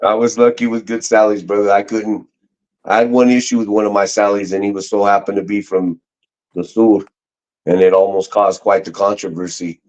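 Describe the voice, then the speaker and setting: A man's voice: on the low side, steady tone, moderate pace, darkish tone, poor audio. A middle-aged male guest telling stories in a casual, slangy, rambling way with many restarts. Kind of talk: casual storytelling chat.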